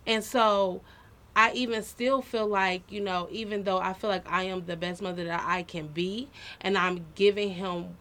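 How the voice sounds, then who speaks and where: A woman in her thirties talking in a relaxed, heartfelt way on a podcast. She speaks earnestly and often fills her pauses with "you know.". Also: medium pitch. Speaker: podcast co-host. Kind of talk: casual personal chat.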